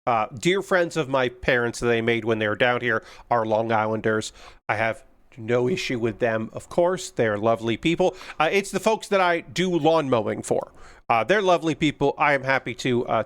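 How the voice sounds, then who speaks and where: A man's voice: medium pitch, animated, normal speed, a bit bright, clear, resonant tone. A man hosting a live stream, telling rambling stories with plenty of ums and uhs. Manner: rambling, anecdotal, frequent fillers. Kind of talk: casual storytelling on a live stream.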